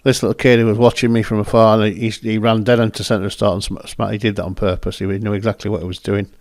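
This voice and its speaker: A man's voice: fairly low pitch, flat delivery, fast, a little mellow, no echo, clean studio sound. A man hosting, chatting casually and rambling as he talks through his photos. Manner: rambling, self-correcting, chatty. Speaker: photographer and host. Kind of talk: casual commentary over photos.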